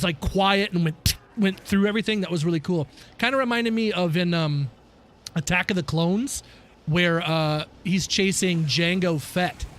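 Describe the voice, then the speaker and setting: High-voiced ranting male game streamer. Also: fairly bright tone. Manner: ranting, swears often, laughs at himself; reads and answers chat while playing. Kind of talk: casual live-stream chat.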